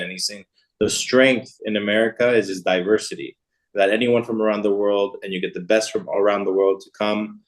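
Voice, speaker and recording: This is a middle-aged man being interviewed, talking casually about his travels. His voice sits on the lower side, and he rambles, circling back with fillers and false starts. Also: steady tone, fairly quick. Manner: rambling, with many fillers and restarts. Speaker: interview guest.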